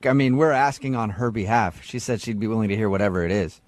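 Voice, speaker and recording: A man's voice: lowish voice, fast, dry recording. A man hosting a morning radio show, bantering and teasing with an upbeat delivery. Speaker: radio host. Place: radio studio.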